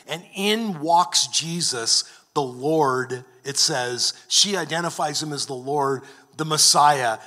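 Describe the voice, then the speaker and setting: A man's voice: fairly high pitch, bright, forceful tone. A man preaching a sermon, earnest, often restarting and repeating words. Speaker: pastor. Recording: long hall reverb.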